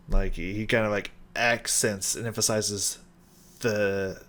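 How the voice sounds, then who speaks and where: A man hosting a casual reaction video, excitable, swearing often and laughing between thoughts. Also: lowish voice, slow.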